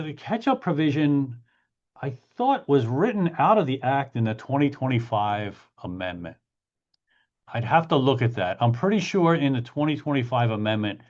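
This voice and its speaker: A man's voice: medium pitch, highs cut off. A middle-aged man, an attorney hosting a monthly Q&A, explains in casual talk, stressing key points by repeating them. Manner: emphatic, repeats key points, acts out clients in quick asides. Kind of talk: casual explanatory talk answering chat questions.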